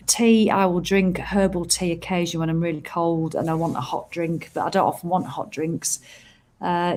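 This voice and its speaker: A woman's voice: lowish voice, darkish tone, a little hiss or hum. A middle-aged woman, chatting casually and bluntly to viewers on a live stream from outdoors. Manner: chatty, rambling, blunt and frank, with mild swearing. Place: outdoors by a seaside promenade.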